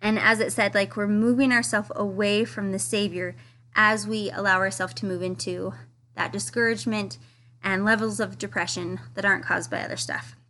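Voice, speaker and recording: A woman's voice: mid-range voice, steady tone, normal speed, bright, forceful tone. A woman giving a casual, earnest devotional study talk, reading quotes aloud with enthusiasm. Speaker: scripture study teacher.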